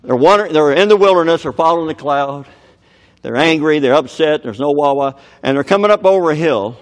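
A man preaching a sermon, dramatic and swinging from shouts down to near whispers, who keeps checking that the crowd is listening. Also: fairly high pitch, fairly quick. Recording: long hall reverb.

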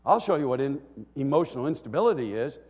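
A middle-aged man preaching a sermon, animated and emotional, swinging from hushed lines to shouts with joking asides. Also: mid-range voice, quick pace, slightly rough. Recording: echoey church hall.

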